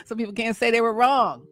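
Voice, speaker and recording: A woman's voice: on the low side, a little mellow, dry recording. A middle-aged woman hosting a motivational faith talk on a livestream, speaking with an emphatic, repetitive, preacher-like cadence and coaxing her listeners.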